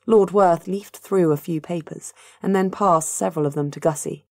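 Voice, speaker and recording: A woman narrating a fantasy audiobook in an even, measured way. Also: on the low side, dry recording, studio quality. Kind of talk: scripted narration.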